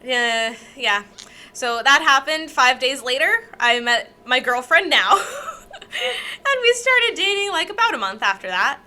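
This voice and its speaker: A woman's voice: high voice, big pitch swings, unhurried, bright, forceful tone. A young woman co-hosting a podcast, telling personal stories in a rambling, self-deprecating way with frequent laughter. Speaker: podcast co-host. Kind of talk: casual storytelling chat.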